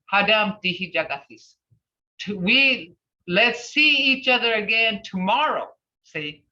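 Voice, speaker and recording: Slow, lively woman language teacher. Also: fairly high pitch. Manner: slow, patient, repeats phrases for practice. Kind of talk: online language class. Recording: roomy, distant, dull lo-fi sound.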